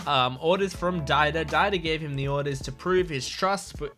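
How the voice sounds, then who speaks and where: A man with a fairly high, sharp voice hosts an anime reaction video. He chats casually, rambling, correcting himself, laughing often, and hiccuping as he talks.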